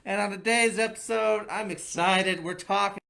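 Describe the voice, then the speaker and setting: A man hosting a casual movie podcast, joking around and excitable. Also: high-pitched, moderate pace, vocal fry, heavy background noise. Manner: jokey, playful, excitable. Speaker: podcast host. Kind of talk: casual chat.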